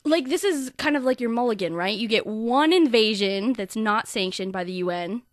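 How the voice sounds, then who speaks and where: A woman's voice: on the high side, expressive, moderate pace, no echo. A young woman co-hosting a comedic news chat with dry, teasing comebacks. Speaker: co-host.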